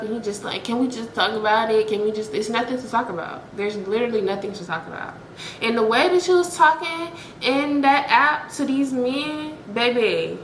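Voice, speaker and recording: A woman's voice: fairly high pitch, fairly bright tone, reverberant, slight background noise, poor audio. A young woman vlogger telling a dramatic personal story straight to her viewers, blunt and profane.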